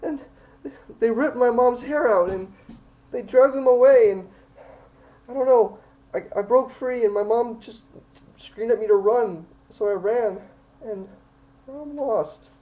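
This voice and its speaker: A man's voice: very high voice, unhurried, long pauses, lo-fi sound, voice pushed up. A man voicing a terrified five-year-old human girl who pleads and sobs in a tabletop game. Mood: frightened, pleading. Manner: sobbing, pleading, breathless rush of words. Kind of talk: tabletop game role-play.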